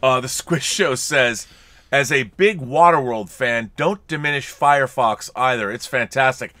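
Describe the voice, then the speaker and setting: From a home studio lined with collectibles, this podcast co-host jokes through a relaxed movie discussion and reads out super chats from viewers. He speaks at a measured pace in a mid-range voice that's pushed and bright, with no echo.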